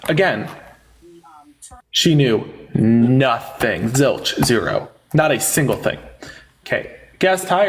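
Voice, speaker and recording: A man's voice: fairly high pitch, slightly rough. A young man hosting a live online debate, mocking and sarcastic, often cutting his guests off. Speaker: livestream debate host.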